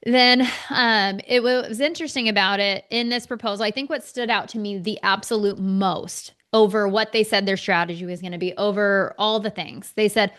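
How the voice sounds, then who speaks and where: A woman's voice: mid-range voice, steady tone, normal speed, hardly any pauses, a bit bright, clean tone. A woman co-hosting a business podcast, talking candidly and animatedly, swearing freely as she tells stories. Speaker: podcast co-host. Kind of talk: casual business podcast talk.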